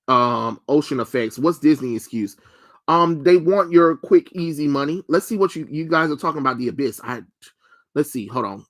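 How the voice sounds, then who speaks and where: A young man streaming live, reacting to trailers with blunt, mocking, profane rants. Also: medium pitch. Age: young adult.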